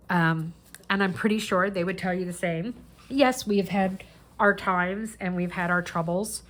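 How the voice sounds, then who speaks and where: A woman's voice: on the low side, a bit bright. A middle-aged woman hosting a crafting channel, chatting casually and earnestly while she works on a diamond painting.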